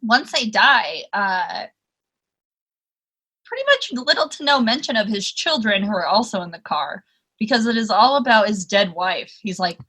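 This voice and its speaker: A woman's voice: medium pitch, animated, moderate pace, sharp tone, slightly rough. A young adult woman co-hosting a comedy podcast, reviewing a movie in casual, profane chat and laughing often. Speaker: podcast co-host.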